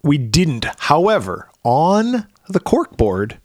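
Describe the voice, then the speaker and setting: Animated, laughing podcast co-host man. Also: on the high side, slow, no echo, clean studio sound. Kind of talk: casual chat.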